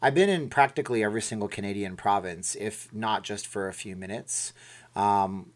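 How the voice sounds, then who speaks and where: Middle-aged guy rambling on his home livestream, lowish voice, pep talk vibes. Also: moderate pace. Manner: rambling, motivational, reads viewer messages aloud. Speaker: livestream host. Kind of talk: casual livestream chat.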